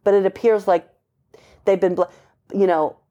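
A woman's voice: mid-range voice, steady tone, normal speed, warm tone, lo-fi sound. Blunt, emphatic middle-aged policewoman storyteller. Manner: vivid, emphatic, blunt with casual swearing. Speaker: police officer guest. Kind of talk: recounting a story in casual conversation.

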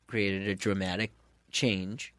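A man casually retelling a comic storyline, rambling and animated with lots of fillers. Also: sits low, slow pace, no echo. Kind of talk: casual chat.

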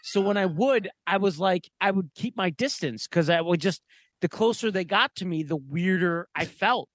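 A man's voice: high voice, lively intonation, normal speed, no room sound. A man co-hosting a podcast, telling a casual, profane, rambling story full of "like" fillers. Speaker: podcast co-host.

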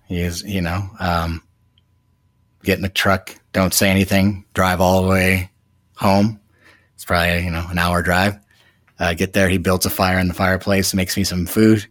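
A man in his thirties, a new father, telling a personal story in a reflective, halting way with many fillers. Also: sits low, a bit bright, dry recording, studio quality. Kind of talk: casual storytelling.

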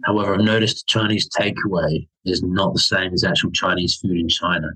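A man with a very low, husky voice chatting as a podcast guest. He rambles with enthusiasm and fills gaps with plenty of ums and repeats. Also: steady tone, fairly quick, sharp tone, low-quality recording. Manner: enthusiastic, rambling, many fillers. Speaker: podcast guest, overland traveller. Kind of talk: casual chat.

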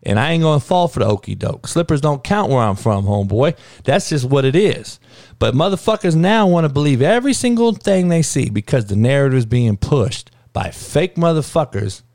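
A man's voice: mid-range voice, expressive, normal speed, darkish tone, dry recording, studio quality. A man hosting his own talk show, ranting heatedly and swearing constantly in street slang. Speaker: sports talk show host. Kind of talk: unscripted profane rant.

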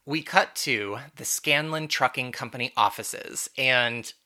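A man's voice: mid-range voice, measured pace, bright, forceful tone. A man hosting a podcast, casually recapping a TV episode with wry jokes and bursts of laughter. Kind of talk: casual chat.

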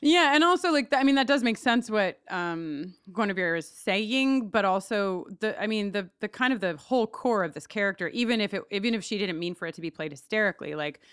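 A woman's voice: medium pitch, expressive, a little fast, few pauses, fairly bright tone, smooth, no echo, clean studio sound. A woman co-hosting a podcast, chatting casually and animatedly while recapping a TV episode. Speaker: podcast co-host.

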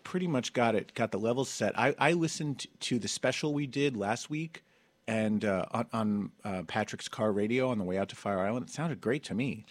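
A man's voice: on the low side, moderate pace, dry recording. A man hosting a comedy podcast in a studio, campy and playful, laughing often as he reads listener reviews. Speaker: podcast host. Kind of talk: casual comedic chat.

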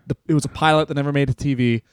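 A man co-hosting a podcast, rambling and joking in casual chat, now and then slipping into quick impressions. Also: medium pitch, fairly even intonation, smooth, no echo. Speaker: podcast co-host.

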